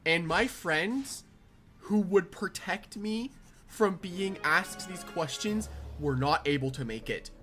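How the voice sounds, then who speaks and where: Animated young storyteller, rambling. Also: mid-range voice, slow pace, soft background music. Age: young adult. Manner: rambling, animated, restarts often. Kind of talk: casual storytime over gameplay.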